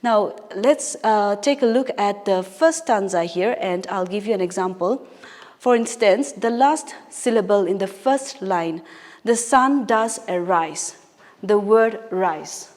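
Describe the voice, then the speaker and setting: A woman teacher gives a recorded English lesson, talking slowly and deliberately. She explains patiently, step by step, with fillers and quick self-corrections. Her voice rings with a long reverb, as if recorded in a large hall. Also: mid-range voice.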